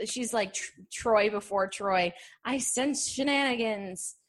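A woman co-hosting a podcast, speaking casually with many fillers like "like" and "I guess". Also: on the low side. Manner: casual, filler-heavy, "like" often. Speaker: podcast co-host. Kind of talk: casual discussion.

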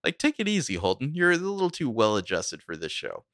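A man co-hosting a podcast, recapping a TV episode in casual chat, animated, laughing often and swearing freely. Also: mid-range voice, a little fast, no room sound, clean studio sound. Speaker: podcast co-host.

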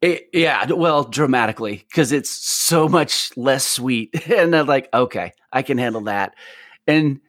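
A man's voice: mid-range voice, expressive, a little slow, fairly bright tone, no echo, clean studio sound. A man in casual chat who talks animatedly and laughs often.

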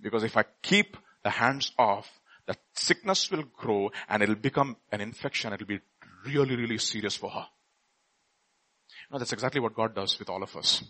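A middle-aged man preaching a sermon, passionate and full of rhetorical questions, dropping to a hush and then rising to a shout. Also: on the low side, lively intonation, normal speed. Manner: impassioned, swinging from hushed to shouting; asks the listeners rhetorical questions.

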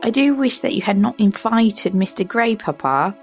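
Anxious young Victorian lady, high, breathless and earnest, read by a woman. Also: lively intonation, normal speed, faint music behind, close to an everyday voice.

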